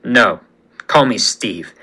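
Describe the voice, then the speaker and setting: A steady, loyal super soldier voiced by a man with a low, calm delivery. He sounds resolute and unshaken. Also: takes it slowly, husky, heavily acted, low-quality recording.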